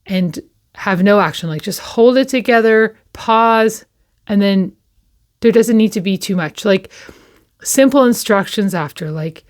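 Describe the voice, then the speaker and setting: Speaking to camera, a woman who hosts a recovery channel and has children reflects on her personal life. Her mid-range voice is candid and slow, with frequent pauses and repeated words.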